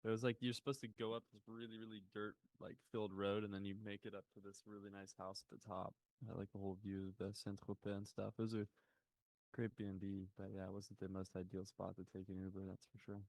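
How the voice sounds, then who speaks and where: A man's voice: on the low side, flat delivery, fast talker, a little mellow. A young man co-hosting a live trading stream, chatting laid-back and giving market commentary, often trailing off. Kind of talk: casual chat and market commentary.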